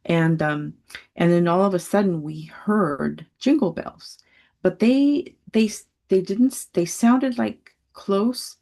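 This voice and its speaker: A woman in her sixties telling a personal story on a video call, animated and laughing often as she acts out voices. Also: fairly low pitch, vocal fry. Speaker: study group member.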